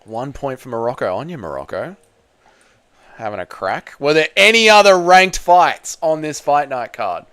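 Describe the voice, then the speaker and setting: A man's voice: on the high side, animated, moderate pace, a bit bright, smooth. A young man, chatting casually on a live stream, reading viewers' messages aloud and answering them.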